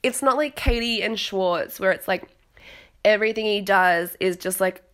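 A woman hosting a casual podcast, gossiping in a chatty, loose way full of filler words. Her voice sits at an ordinary middle pitch. She turns dramatic when she acts out what others said. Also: moderate pace, fairly bright tone. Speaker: podcast host recapping a reality show. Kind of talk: casual chat.

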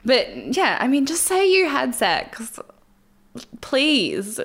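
A woman hosts a solo podcast at home alone with her cats, giving a candid, wry, chatty recap of a show and laughing often. Her voice is on the high side with wildly swooping pitch, a slow pace, and a gravelly, slightly rough, somewhat bright quality.

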